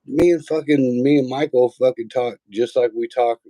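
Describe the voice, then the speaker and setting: A man's voice: mid-range voice, fairly even intonation, moderate pace, dark tone, dry recording. A man, telling rambling, profane stories in a casual chat. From Texas. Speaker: host.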